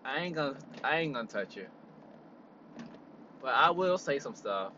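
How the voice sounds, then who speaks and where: A man's voice: mid-range voice, normal speed, highs cut off, slight background noise. Exasperated young man ranting in a car. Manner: exasperated, animated, leans on "like". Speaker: vlogger. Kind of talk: casual storytelling rant.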